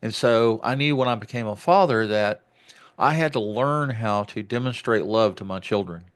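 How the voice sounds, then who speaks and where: Male podcast host, lower voice, reflective conversational delivery with frequent restarts. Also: normal speed, smooth. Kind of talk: conversational interview.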